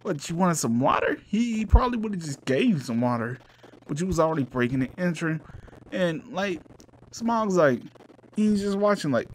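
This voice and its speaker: A man's voice: a little high, expressive, moderate pace, slight background noise. A man comically retelling a story in rambling, slang-filled speech with laughing asides. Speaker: comedy game reviewer.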